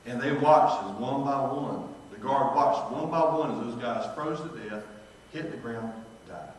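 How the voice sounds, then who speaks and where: A pastor preaching a sermon, telling stories dramatically, his voice swinging from hushed to loud. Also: mid-range voice, a little slow, a little hiss or hum. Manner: dramatic storytelling, shifting from hushed to shouting. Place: church sanctuary. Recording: echoey church hall, distant mic.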